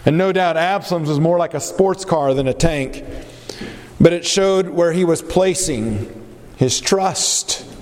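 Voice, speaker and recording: A man preaching a sermon, emphatic, asking rhetorical questions and pausing for effect. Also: fairly high pitch, darkish tone. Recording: long hall reverb.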